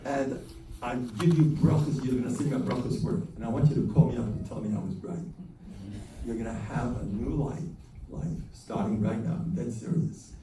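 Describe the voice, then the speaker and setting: Heard from afar in a spacious hall with faint ambience and a little noise, an older man with a warm, mid-range voice speaks at a normal pace. He is a rabbi delivering a humorous, self-mocking holiday talk about Chanukah to a crowd.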